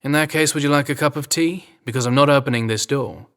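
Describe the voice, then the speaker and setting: A man's voice: mid-range voice, fast talker, a bit bright, clear, resonant tone, pitched above the performer's own voice, close to an everyday voice. A man with an English accent voicing a dry, teasing young royal guard in an audio drama reading. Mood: wry. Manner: wry, dry humour.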